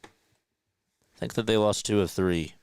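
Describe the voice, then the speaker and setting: Excitable man calling live play-by-play. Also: lowish voice, slow pace, gravelly, clean tone, dry recording. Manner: excitable, hyped, chatty with viewers. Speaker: fan play-by-play streamer. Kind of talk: live fan play-by-play commentary.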